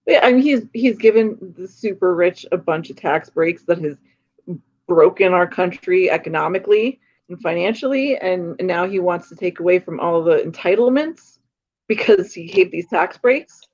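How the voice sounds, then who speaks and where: A woman's voice: on the low side, animated, moderate pace, a little mellow. A woman chatting casually and speaking her mind, often breaking into laughter. Her voice comes through a slightly dull, lo-fi recording. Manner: outspoken, laughs easily. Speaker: friend in the chat. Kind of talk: casual chat.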